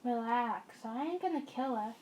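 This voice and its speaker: A woman voicing a calm, monotone gunman boy. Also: fairly high pitch, moderate pace, natural voice. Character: calm, cold teenage boy with a pistol.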